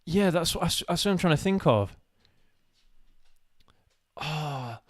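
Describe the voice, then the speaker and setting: Halting man searching for words. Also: a little high, lively intonation. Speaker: co-host of a live show. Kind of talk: casual live-stream chat.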